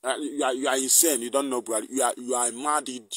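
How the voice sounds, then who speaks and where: A man's voice: medium pitch, quick pace, hardly any pauses, slightly rough, dry recording. A man with a Nigerian accent hosting a live online broadcast, mixing English with Igbo and firing off angry, mocking rhetorical questions. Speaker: activist broadcaster.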